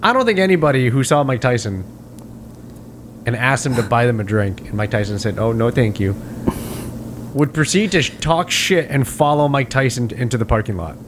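A man's voice: mid-range voice, animated, a little fast, a little hiss or hum. A man in casual chat, animatedly retelling a film scene with plenty of swearing.

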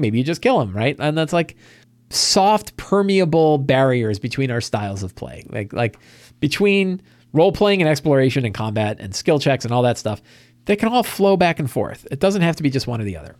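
A man's voice: fairly high pitch, a little fast, no echo. A man hosting a game-master prep talk, casually recounting a tabletop session with frequent restarts. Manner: animated storytelling, acting out players' lines, frequent restarts. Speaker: host giving game-master prep advice.

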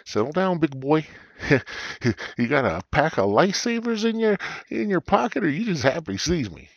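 A man voicing a gruff, laid-back male messenger of God who talks in stoner slang. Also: fairly high pitch, sing-song, moderate pace, no echo, lo-fi sound, voice pushed up, exaggerated voice. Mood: playful.

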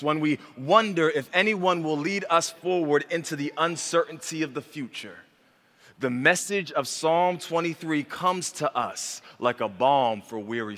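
A man preaching a sermon as pastor, earnest and intimate, building from hushed, quiet passages to rising emphasis. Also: on the high side. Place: church hall. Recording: long hall reverb.

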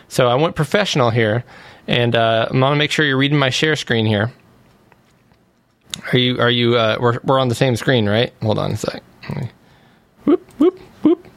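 A man's voice: medium pitch, a bit bright, dry recording. A man hosting a podcast over a remote call, casual and playful, teasing his co-host. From United States. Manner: playful, teasing, leads the segment. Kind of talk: casual chat.

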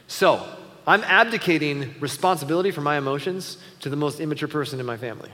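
A man preaching a conversational sermon in a large auditorium, his fairly high voice ringing out with a long hall echo. He sounds earnest and a little self-deprecating, speaking plainly to the congregation like a friend. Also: fast talker, pushed and bright. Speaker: pastor. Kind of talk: sermon on parenting.

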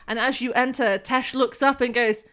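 A woman's voice: on the high side, fairly even intonation, normal speed, fairly bright tone. A woman narrating a tabletop game as game master, laughing often and putting on character voices. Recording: music faintly behind.

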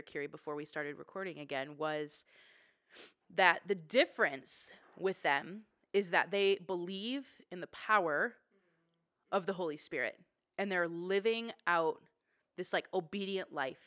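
A woman co-hosting a faith podcast in casual chat, talking warmly with lots of fillers and laughing easily. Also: lowish voice, expressive, measured pace, no echo, studio quality. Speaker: podcast co-host.

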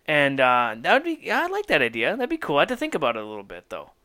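A man co-hosting a podcast in casual chat, excitable and rambling, laughing often. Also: fairly high pitch, fast talker. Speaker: podcast co-host.

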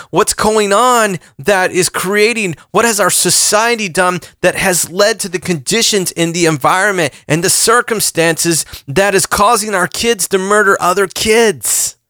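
A man in his forties preaches with earnest intensity, circling back on phrases and pressing his questions. His voice sits a little high and rings with a tense, forceful brightness. The sound is dry and close. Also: dry recording. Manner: earnest, repeats himself, rising emphasis on questions. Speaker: pastor. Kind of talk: impassioned sermon.

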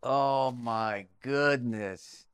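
A man's voice: mid-range voice, extremely slow, fairly bright tone, clear, resonant tone, no room sound. Emotional man hosting an interview. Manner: emotional, reactive, short interjections. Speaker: host. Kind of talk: interview chat.

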